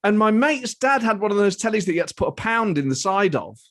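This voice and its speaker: A man's voice: high-pitched, very animated, quick pace, a bit bright, no room sound. A man co-hosting a football podcast, reminiscing animatedly as a fan and asking questions. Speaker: podcast co-host. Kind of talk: casual podcast chat.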